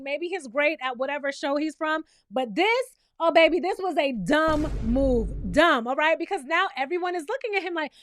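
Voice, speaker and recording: A woman's voice: sits high, lively intonation, a little fast, few pauses, a bit bright, dry recording. A woman recapping a reality TV show in a casual vlog, sassy and exclamatory, calling people child and baby.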